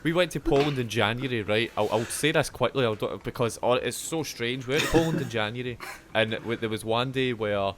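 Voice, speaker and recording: A man's voice: medium pitch, a little fast. A man co-hosting a podcast in casual chat, teasing and jokey. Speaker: podcast co-host. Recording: clicks and clear background noise.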